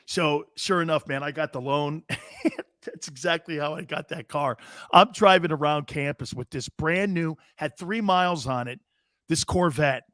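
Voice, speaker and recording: A man in his fifties hosts a sports talk show and tells a rowdy story in a brash, swearing, animated way. His voice sits a bit high for a man. The sound is close and dry, with no room echo. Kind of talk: casual storytelling.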